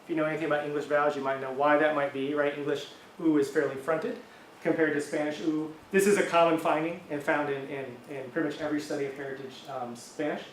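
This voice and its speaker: A man's voice: a little high, steady tone, fast, slight background noise. A middle-aged man giving a university linguistics talk, explaining in a casual, conversational way with frequent fillers and check-ins like "right?". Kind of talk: academic talk. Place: lecture room. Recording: echoey room, mic at a distance.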